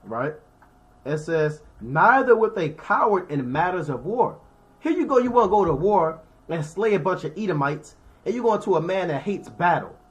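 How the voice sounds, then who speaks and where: A man whose voice sits high, with big pitch swings, talks at a moderate pace. In a casual, slang-filled scripture lesson, he reads verses, explains them using everyday examples, and regularly checks in with his audience.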